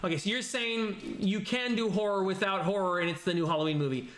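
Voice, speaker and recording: A man's voice: high voice, fairly even intonation, fairly quick, fairly bright tone, reverberant. A man casually chatting on a livestream, reading viewer comments and thinking aloud with lots of fillers.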